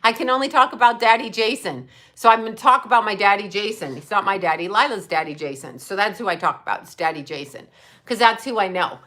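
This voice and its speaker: A woman's voice: mid-range voice, quick pace, bright, forceful tone. Blunt, profane woman livestreamer. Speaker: psychic livestream host. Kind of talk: livestream chat reading super chats.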